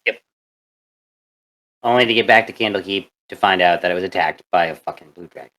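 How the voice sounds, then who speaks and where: A co-host on a casual tabletop gaming podcast, tossing in quick, joking interjections. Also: low-pitched, a bit bright. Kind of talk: casual chat.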